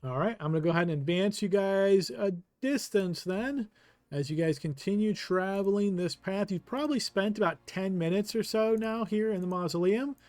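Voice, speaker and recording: A man's voice: high voice, moderate pace, darkish tone, no echo. Easygoing man running a tabletop game. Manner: easygoing, with frequent filler words. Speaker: game master.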